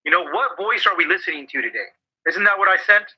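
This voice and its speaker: A man's voice: high voice, expressive, quick pace, slightly rough, muffled recording. A man co-hosting a podcast, talking in a profane, emphatic way and often repeating himself as he drives a point home. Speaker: podcast co-host. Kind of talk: casual motivational chat.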